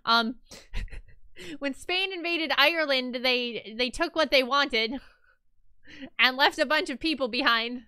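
Bright-voiced young woman streamer chatting. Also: sits high, takes it slowly, long pauses, no room sound, studio quality. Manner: chatty, rambling with many fillers. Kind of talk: casual chat with chat.

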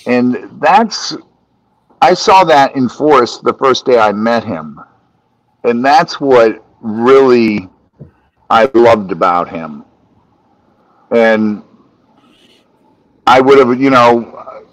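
A man chatting as a podcast guest, telling animated stories and acting out his friends' lines. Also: mid-range voice, no room sound, poor audio. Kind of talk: casual podcast chat.

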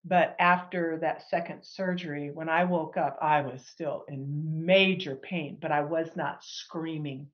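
A middle-aged woman sharing a personal healing testimony as a guest, animated and acting out the people she quotes. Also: sits low, unhurried, few pauses, lo-fi sound. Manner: animated, acts out quoted dialogue.

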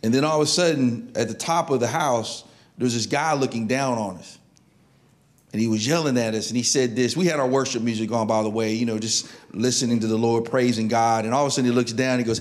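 A man's voice: mid-range voice, fast. A male pastor delivering a sermon. He tells stories casually and repeats key words to drive each point home.

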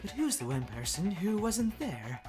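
A woman's voice: medium pitch, very animated, moderate pace, close to an everyday voice. A woman voicing a smug, unsettling young male student obsessed with hope. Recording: faint background game music.

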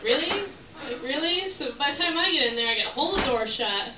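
Animated woman doing stand-up comedy. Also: on the high side, quick pace. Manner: animated, crowd work, acts out bits. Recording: echoey room from far off, noisy.

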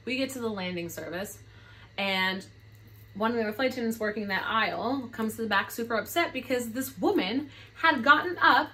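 A woman's voice: mid-range voice, a little fast, fairly bright tone. A woman who works as a flight attendant, candidly telling a gossipy, profane story in a storytime vlog.

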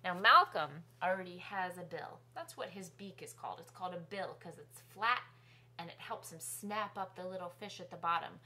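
A woman hosting a children's music class from her living room, singing nursery songs and talking gently to young kids. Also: lowish voice, normal speed. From New York City. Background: guitar accompaniment.

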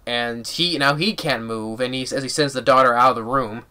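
A man giving a casual, rambling movie review and recapping the plot excitedly with lots of restarts. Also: mid-range voice, moderate pace, clear, resonant tone.

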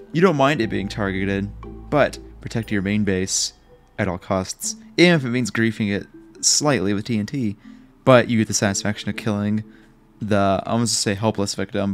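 A man giving rambling, joking and self-mocking gameplay commentary as a Minecraft YouTuber. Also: fairly low pitch.

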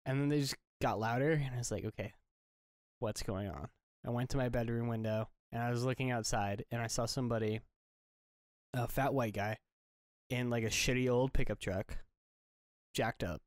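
A man's voice: mid-range voice, steady tone, brisk, dry recording. A young man co-hosting a podcast, telling a rambling story with dry jokes in casual chat. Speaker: podcast co-host.

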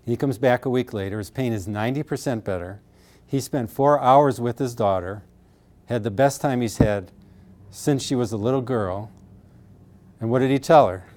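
A middle-aged man speaks with earnest conviction about the emotional side of pain. His voice sits at an ordinary male pitch, and his talk is steady and explanatory. He often drops into the words of his patients and acts them out with feeling. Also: normal speed. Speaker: pain therapist.

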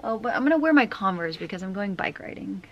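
A young woman vlogger talks to herself at home while getting ready, chatty and rambling and swearing freely in a casual vlog. Her medium-pitched voice is quick with lively intonation, and the indoor recording sounds roomy and dull, with background noise.

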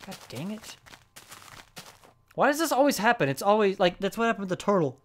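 Excitable woman yelling at a game. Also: mid-range voice, fairly quick. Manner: excitable, frustrated, yells at the game. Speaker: let's play host. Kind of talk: gameplay commentary.

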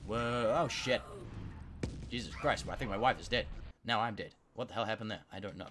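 A man commentating on a game he is playing, excitable and swearing, a bit sick and clearing his throat. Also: fairly low pitch, brisk, background noise. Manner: excitable, swearing, yelping at failures. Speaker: gameplay commentator. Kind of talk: let's play commentary.

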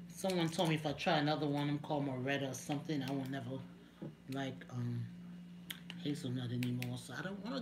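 A woman's voice: low-pitched, noisy background. A woman chatting casually on a live stream from home, laughing often and talking to her viewers by name.

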